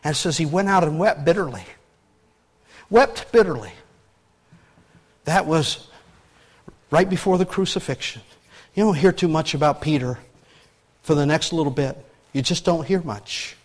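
A man's voice: on the high side, normal speed, long pauses. A male pastor preaching a conversational sermon in a folksy way, often asking the congregation rhetorical questions.

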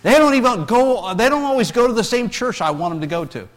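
Man, pastor, sermon, high voice, hushed lows and emphatic highs, repeats and restarts phrases. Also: lively intonation, quick pace, long reverb tail. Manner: swings between hushed tender lows and raised emphatic reading.

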